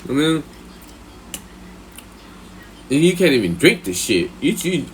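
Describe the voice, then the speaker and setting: A man telling a story casually on a live stream, full of slang and swearing, who often checks in with the listener and jumps much higher when he quotes himself. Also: very animated, takes it slowly, a little hiss or hum. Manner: profane, slang-heavy, rambling with filler questions.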